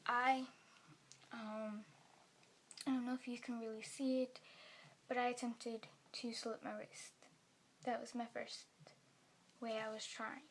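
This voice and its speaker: A woman talking in a personal vlog at home, rambling softly and sometimes dropping into a whisper. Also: on the high side, flat delivery, slow pace, long pauses, slight background noise. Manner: soft-spoken, rambling, drops into whispers. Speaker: vlogger.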